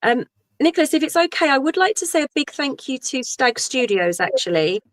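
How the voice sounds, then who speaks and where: A woman guest chatting casually on a video call, bubbly and quick to laugh. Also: high-pitched, big pitch swings, dry recording, low-quality recording. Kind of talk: casual interview chat.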